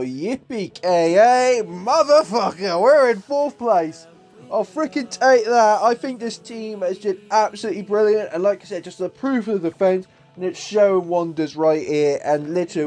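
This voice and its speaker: A young man commentating on his own football video game match, swinging from muttered play-by-play to shouted excitement. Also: sits high, moderate pace, hardly any pauses, soft background music. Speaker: gaming YouTuber.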